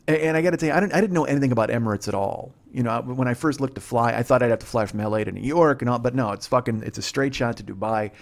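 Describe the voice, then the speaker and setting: Male podcast comic, mid-pitched, swearing and rambling through a story. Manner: profane, rambling, self-deprecating. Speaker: comedian podcast host. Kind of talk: casual comedic storytelling.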